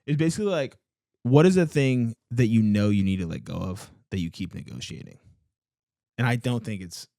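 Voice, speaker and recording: A man's voice: fairly low pitch, fairly quick, gravelly, dark tone, no echo, clean studio sound. A man co-hosting a podcast, talking earnestly in casual chat, leaning on fillers and emphatic turns. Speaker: podcast co-host.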